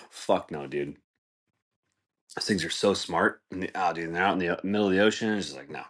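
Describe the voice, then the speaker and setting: A man hosting a podcast, telling stories in a laid-back, rambling way, swearing freely and filling his talk with "like" and "dude". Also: fairly bright tone. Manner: acts out voices in quoted speech, jumping far higher. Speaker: podcast host. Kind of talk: casual storytelling monologue.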